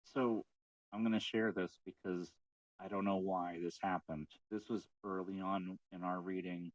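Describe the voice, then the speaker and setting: A man co-hosting a casual podcast about faith, telling stories with animated retelling of what others said. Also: deep voice, unhurried, no room sound, distant mic, highs cut off. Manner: storytelling, animated retelling of quotes. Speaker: podcast co-host.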